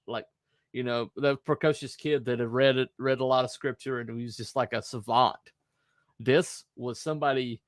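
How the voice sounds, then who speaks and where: A man's voice: mid-range voice, no echo. Male podcast host, casual storyteller, jumps up into playful character voices, dry close mic. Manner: animated, acts out quotes in raised voices, laughs often.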